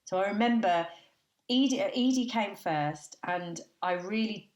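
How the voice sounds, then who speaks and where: A woman guest on a podcast, telling lively anecdotes in a chatty way and laughing often. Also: mid-range voice, measured pace, roomy sound. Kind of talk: chatty storytelling.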